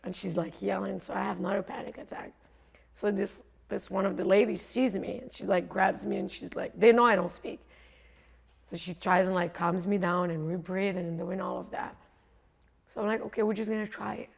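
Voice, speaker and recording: Gravelly-voiced woman telling her story. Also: mid-range voice, level tone, brisk. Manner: casual, conversational, acts out dialogue. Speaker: coach and speaker. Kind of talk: storytelling motivational talk.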